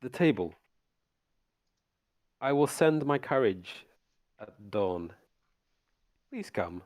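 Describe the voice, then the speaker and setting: A man voicing a smug aristocratic male vampire lord who talks down to people in a slow, courtly way. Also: mid-range voice, sing-song, a little mellow, dry recording, clean studio sound. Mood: patronizing.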